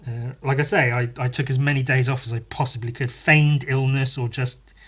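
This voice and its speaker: A man's voice: mid-range voice, steady tone, moderate pace, a bit bright. An English man hosting a solo podcast, rambling in a sweary, sarcastic way with lots of asides. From England. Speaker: podcast host.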